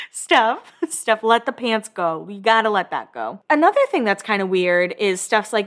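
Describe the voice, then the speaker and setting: A woman's voice: mid-range voice, expressive, normal speed, fairly bright tone. Young woman gossiping about a reality show, chatty, does little voices for the quotes. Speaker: podcast host recapping a reality show. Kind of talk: casual chat.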